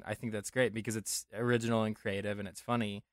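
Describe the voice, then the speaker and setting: A man's voice: lowish voice, level tone, fast talker, no echo, studio quality. A young man from Denver co-hosting a casual podcast chat, rambling and correcting himself as he jokes. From Denver, USA. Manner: rambling, self-correcting, jokey. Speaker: podcast co-host.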